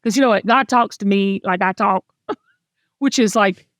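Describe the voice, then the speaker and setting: A woman's voice: mid-range voice, normal speed, no echo, clean studio sound. A middle-aged woman with a Southern US accent, hosting a podcast and talking candidly and emotionally in casual chat. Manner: emotional, candid, chatty storytelling. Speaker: podcast host.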